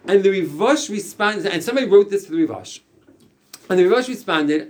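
A man's voice: high-pitched, a little fast. A man teaching a small class, explaining step by step with frequent restarts. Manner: animated, explanatory, frequent restarts and Yiddish-Hebrew terms. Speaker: Torah teacher.

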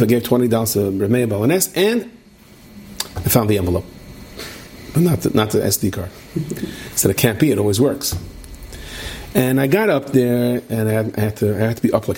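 A man's voice: fairly low pitch, a little hiss or hum. A middle-aged man, teaching a Torah class and telling stories while asking his listeners questions. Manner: animated storyteller, asks listeners questions.

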